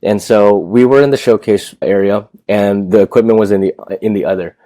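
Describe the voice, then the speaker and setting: A man's voice: fairly low pitch, steady tone, fairly quick, warm tone, no echo. A man in his thirties, a gym owner telling his story in a loose, rambling way, with casual swearing. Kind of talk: casual interview chat.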